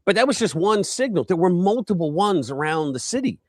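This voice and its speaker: A man hosting a casual political live stream, talking in an animated, rambling way and acting out quotes in a raised voice. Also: high voice, brisk, no echo.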